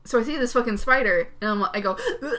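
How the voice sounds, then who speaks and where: A woman co-hosting a podcast tells a story in a casual, animated chat, laughing often and swearing freely. She speaks quickly at a medium pitch.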